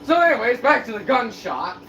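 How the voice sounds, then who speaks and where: A player at a tabletop game, talking excitably and blurting out questions. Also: mid-range voice, brisk. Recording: roomy, distant mic with background noise.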